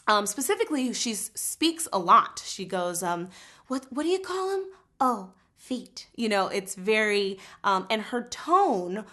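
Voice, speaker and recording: Bright, lively woman teaching singing. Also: mid-range voice. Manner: animated, explains with sung and spoken examples. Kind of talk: casual singing lesson.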